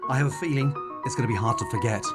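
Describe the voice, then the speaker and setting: A man's voice: mid-range voice, racing. A man with an English accent hosting and narrating a reality TV show, blunt and incredulous. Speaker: TV host and narrator. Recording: TV audio with loud music behind.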